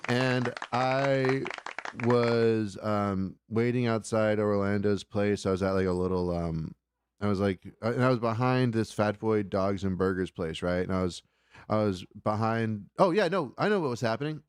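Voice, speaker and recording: A man's voice: fairly low pitch, moderate pace, clean tone, dry recording, clean studio sound. A man telling a rambling, profane story in casual chat on a comedy call-in podcast.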